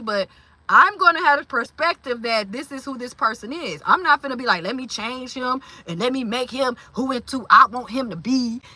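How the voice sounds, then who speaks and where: A woman's voice: sits high, sharp tone, no room sound. A woman in her forties hosting a casual livestream chat, talking loosely with lots of fillers and reading viewer comments aloud. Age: 40s. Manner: chatty, reads and answers viewer comments aloud; loose, slangy talk with many fillers. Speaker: livestream host.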